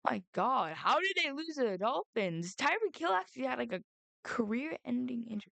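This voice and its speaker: Young girl rambling about football picks into a headset, kinda high voice, dead dry sound. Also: very animated, normal speed, gravelly, a bit bright, no room sound. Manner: rambling, self-interrupting, jokey asides. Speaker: sports predictions vlogger. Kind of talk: casual chat with mock phone call and bits. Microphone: headset or headphone mic.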